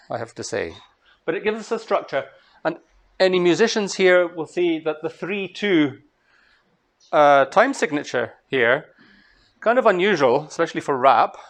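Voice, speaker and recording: A man from Scotland leading a master class, explaining step by step and reciting verse lines slowly. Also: on the high side.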